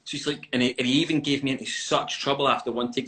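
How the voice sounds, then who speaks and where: A man talks over a video call, his voice bright and forward. He tells stories in a lively, laughing way. His pitch sits in the middle range. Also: fast, hardly any pauses, rough recording. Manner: animated, laughing storyteller. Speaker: actor being interviewed. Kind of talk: casual chat.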